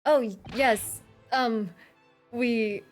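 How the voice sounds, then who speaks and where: A woman's voice: fairly high pitch, extremely slow, soft background music. A woman with an American accent chatting casually and giggling as she plays through a story game on stream.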